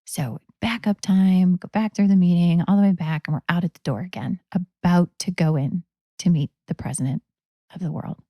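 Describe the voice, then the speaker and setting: A woman hosting a spiritual talk, telling a guided story slowly and often dropping into a whisper. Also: fairly low pitch, dry recording, dull audio. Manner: slow, drifting into whispers. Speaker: host.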